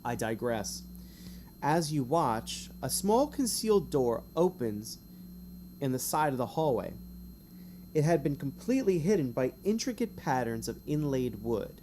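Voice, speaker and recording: A man's voice: medium pitch, sing-song, warm tone, slight background noise. A man streaming, reading a gamebook aloud in a casual way, with rambling, self-mocking asides between passages. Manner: chatty, rambling asides, quick to laugh at himself.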